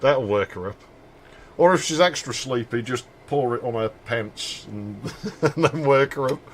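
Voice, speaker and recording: A man's voice: mid-range voice, expressive, measured pace, a little hiss or hum. Joking man streaming a game. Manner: joking, rambling asides. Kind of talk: casual gameplay commentary.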